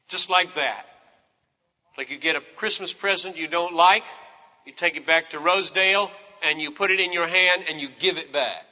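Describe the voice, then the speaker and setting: A man preaching a sermon and reading scripture, with emphatic swings in pitch and stress. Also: normal speed, sharp tone. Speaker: pastor. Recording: old sermon tape, long hall reverb.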